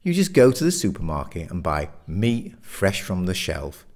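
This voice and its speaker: Man voicing a dismissive pub friend, low, lively delivery; audiobook. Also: moderate pace, heavily acted. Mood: scoffing. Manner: scoffing, dismissive. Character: Simon, a blunt meat-loving pub mate.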